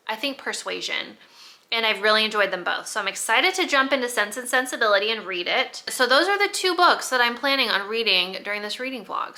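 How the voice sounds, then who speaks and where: A woman book vlogger in casual chat, retelling a plot in an animated way, with frequent laughs and exclamations. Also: a little high.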